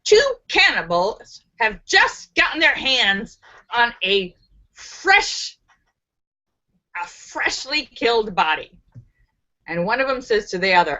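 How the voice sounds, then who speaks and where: Giggly, bright-voiced woman hosting a live stream. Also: on the high side, sing-song, slow pace, pauses often, lo-fi sound. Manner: giggly, laughs often. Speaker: livestream host. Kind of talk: casual live joke reading.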